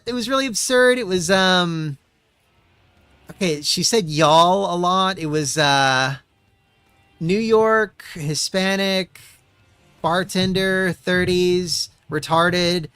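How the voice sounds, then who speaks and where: Man, streamer, casual gameplay commentary, chatty, frequent swearing, slightly high pitch. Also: lively intonation, slow, a bit bright, clean tone, no room sound, soft background music. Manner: mutters to himself, swears often, chatty.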